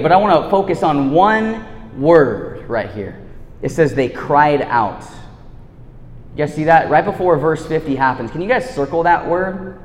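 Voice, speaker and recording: A man giving a casual sermon, laid-back and slangy, swinging between hushed and loud. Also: a little high, lively intonation, a little slow. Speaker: preacher. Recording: echoey hall reverb.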